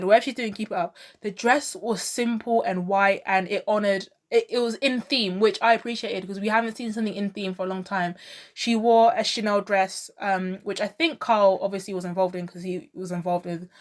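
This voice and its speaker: Woman vlogger, casual fashion commentary, chatty, opinionated, gushing, lots of fillers. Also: medium pitch. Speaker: pop culture vlogger.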